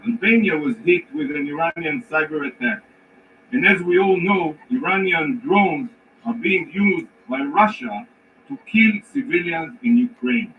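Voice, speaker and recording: A man delivers an emphatic, indignant formal address in a large council chamber, pausing deliberately between phrases. His voice sits a little high and comes from a distance. The recording is dull and carries a faint hiss. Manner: emphatic, indignant, measured pauses. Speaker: ambassador addressing the Security Council. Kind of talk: formal prepared speech.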